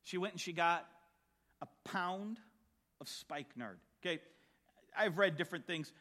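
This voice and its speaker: A man preaching a sermon, telling a Bible story with animated storytelling and acting out the voices of the people in it. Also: sits high, unhurried.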